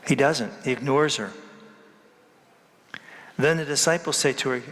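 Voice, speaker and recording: A man's voice: mid-range voice, normal speed, long pauses, bright, forceful tone, long reverb tail. A man giving a sermon as a priest, emphatic, repeating key words and asking the congregation rhetorical questions.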